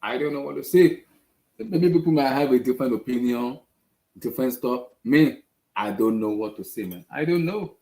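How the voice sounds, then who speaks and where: Exasperated fan host, echoey room. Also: male voice, medium pitch, lively intonation, moderate pace, mellow. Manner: exasperated, repeats himself. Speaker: football fan channel host. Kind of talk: casual fan rant.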